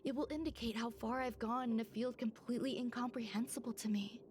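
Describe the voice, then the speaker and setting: A woman reading the lines of a detached female genius scientist from a video game, speaking calmly in a soft half-whisper. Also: fairly high pitch, a little fast, a little hiss or hum, close to an everyday voice.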